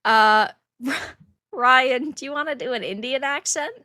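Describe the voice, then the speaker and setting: Bright, giggly female podcast co-host. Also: high-pitched, measured pace, dry recording, clean studio sound. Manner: giggly, chatty. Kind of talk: casual chat, reading donations.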